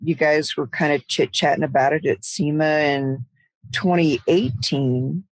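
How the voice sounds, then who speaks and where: A woman's voice: sits low, fairly even intonation, unhurried, no room sound, rough recording. A woman with a Southern US accent co-hosting a podcast in casual chat, friendly and prone to restarting her sentences. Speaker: podcast co-host.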